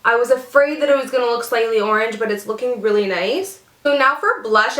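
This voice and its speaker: A woman's voice: fairly high pitch, fairly bright tone. Chatty young woman, echoey room. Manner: chatty, bubbly, heavy use of "like" and "seriously". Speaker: beauty vlogger. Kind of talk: casual get-ready chat.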